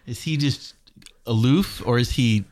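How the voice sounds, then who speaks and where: A man's voice: mid-range voice, unhurried, a little mellow. A man playing in a tabletop game, asking casual questions. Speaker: player.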